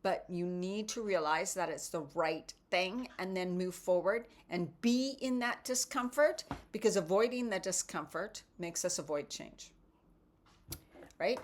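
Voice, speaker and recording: A woman's voice: medium pitch, expressive, a little slow, a bit bright. A woman hosting a casual motivational morning talk and reading tarot cards, chatty and often adding "right?".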